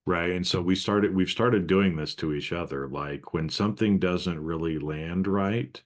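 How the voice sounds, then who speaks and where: A man with a notably deep, low-pitched voice co-hosts a casual podcast. He thinks out loud in short, halting phrases with a reflective tone. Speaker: podcast co-host.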